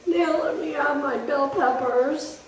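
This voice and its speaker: This woman's voice is high and slow as she shows a recipe in her home kitchen. She talks folksily with viewers while chopping, and the recording sounds roomy, with the mic set at a distance and faint noise.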